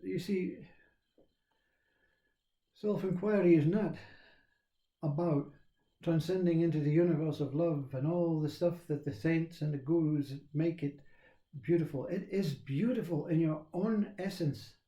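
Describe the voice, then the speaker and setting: A man teaching self-inquiry in a slow, repetitive, reflective way. His voice is fairly high for a man but very dark and mellow in tone. The recording sounds roomy and echoey. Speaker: spiritual teacher. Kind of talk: spiritual talk on self-inquiry.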